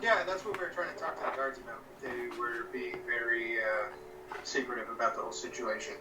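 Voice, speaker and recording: A man's voice: medium pitch, brisk, loud music behind the voice. A man playing a tabletop game, answering in a laid-back, plain-spoken way. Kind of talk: casual game-table chat. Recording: roomy, distant mic with background noise.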